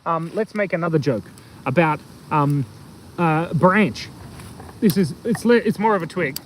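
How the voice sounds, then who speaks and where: A man's voice: fairly high pitch, animated, unhurried, slight background noise, rough recording. A man hosting a casual live stream from a hilltop outdoors, rambling and telling silly jokes. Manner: goofy, joking, rambling with fillers. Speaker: kids' channel host.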